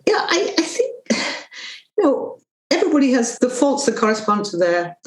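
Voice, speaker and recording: A woman's voice: high-pitched, big pitch swings, moderate pace, roomy sound, rough recording. A woman author being interviewed, talking in a thoughtful, digressive way, often acting out quotes. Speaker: author and guest. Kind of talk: conversational interview.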